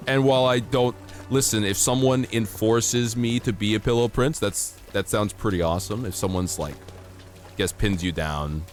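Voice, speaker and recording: A man's voice: lowish voice, moderate pace, faint music behind. A man streaming a game, chatting casually and playfully with his chat, teasing and mock-outraged, laughing often. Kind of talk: casual live-stream chat while gaming.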